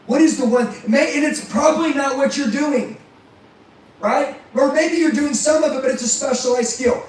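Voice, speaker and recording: A man's voice: very high-pitched, normal speed. A man giving an intense, profane motivational speech to a live audience, firing rhetorical questions at the crowd. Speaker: motivational speaker and sales trainer. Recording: very echoey room, mic far off.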